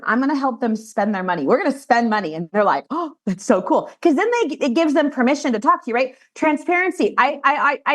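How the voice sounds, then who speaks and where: Animated woman coaching fellow advisors. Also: on the high side. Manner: animated, direct, acts out client conversations. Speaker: financial advisor training peers. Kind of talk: training talk to colleagues.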